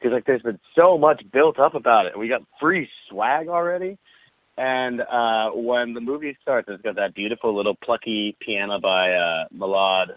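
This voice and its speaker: A man telling an animated, profane anecdote in casual conversation, laughing often. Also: mid-range voice, normal speed, no room sound. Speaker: guest. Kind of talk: casual storytelling. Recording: tinny phone-like line.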